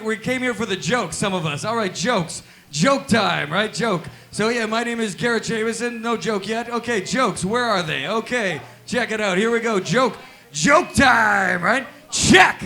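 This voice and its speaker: A man's voice: sits high, pushed and bright. A man doing a rambling, awkward stand-up comedy set at a live music venue, padding his jokes with "check it out" and "right?". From Canada.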